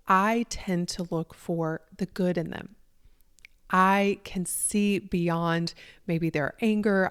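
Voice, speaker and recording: A woman in middle age with a Southern country accent hosts a solo podcast. Her voice sits on the low side, and she speaks in an earnest, conversational way. The recording is close and dry. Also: no room sound. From Southern United States. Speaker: podcast host, life coach.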